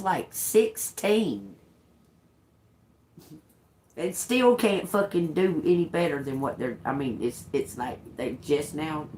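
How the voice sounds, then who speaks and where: A woman's voice: sits low, darkish tone. A woman in her fifties hosting a livestream, telling a rambling story with frequent laughter and casual swearing. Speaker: livestream host. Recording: echoey room.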